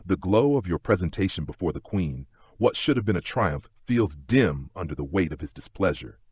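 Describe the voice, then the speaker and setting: Gentle, low-voiced male sleep-story narrator. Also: animated, normal speed, slightly rough, no room sound.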